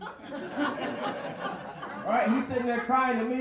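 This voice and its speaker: A man's voice: very high voice, unhurried, fairly bright tone. A man in his twenties performing a stand-up comedy set, talking conversationally and checking that the crowd is following along. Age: 20s. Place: record store performance space. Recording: very echoey room.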